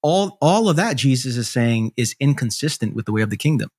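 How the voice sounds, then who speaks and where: Male pastor guest, measured and reflective, mid-range voice, fillers as he thinks. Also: medium pitch, sing-song, a little mellow. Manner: thoughtful, measured, explains with many fillers. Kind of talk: reflective theological discussion.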